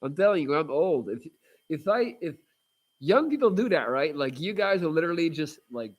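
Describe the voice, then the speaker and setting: A man's voice: a little high, big pitch swings, moderate pace, dull audio. A man hosting a casual livestream, chatting with viewers in a rambling, blunt way with lots of fillers and restarts. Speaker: livestream host reading viewer comments.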